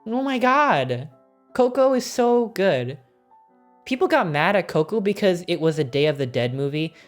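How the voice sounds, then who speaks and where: Low-voiced woman streamer, excitable and sweary. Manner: excitable, swears a lot, laughs often. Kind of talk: casual stream chat, ranking films.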